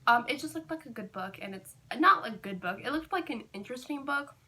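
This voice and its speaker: A woman book vlogger talking casually to the camera, rambling with lots of fillers and gushing excitedly. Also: high voice, brisk. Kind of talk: casual chatty vlog.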